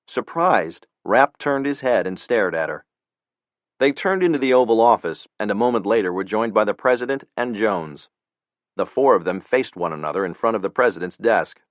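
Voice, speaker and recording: A male narrator reads a thriller audiobook in an even, measured way. His voice sits low. The recording is dry and close. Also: no echo.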